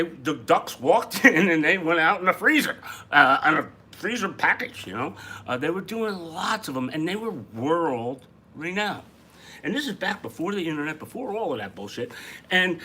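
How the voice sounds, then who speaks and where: Excitable man hosting a live show. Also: on the high side, a little hiss or hum. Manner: excitable, rambling, jokey. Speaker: host. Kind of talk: casual live-stream chat.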